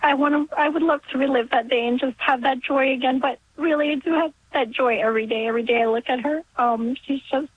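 A woman in her forties from New York, calling in to a radio show, emotional and near tears, halting, with nervous laughs and restarts. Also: sits high, fairly even intonation, slightly rough. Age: 40s. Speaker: caller. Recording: phone line.

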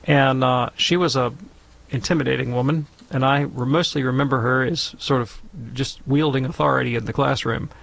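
A man, an interview guest, telling a childhood anecdote in a relaxed, wry, self-deprecating way. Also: medium pitch, moderate pace, creaky. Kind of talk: anecdotal storytelling.

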